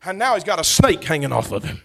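A man preaching a sermon, telling a story with animation, bursts of shouting and laughter. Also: a little high, very animated, fast, gravelly.

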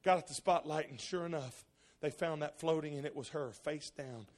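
A man preaching a sermon, telling a story and building into loud, impassioned preaching. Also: a little high, normal speed.

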